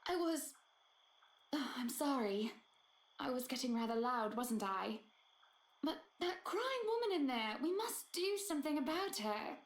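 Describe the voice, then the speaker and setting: A woman's voice: sits high, animated, a little slow, pitched above the performer's own voice. A woman voicing a prim young lady of the house, speaking in a coaxing, polite manner. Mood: unsettled. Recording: echoey room with loud hiss.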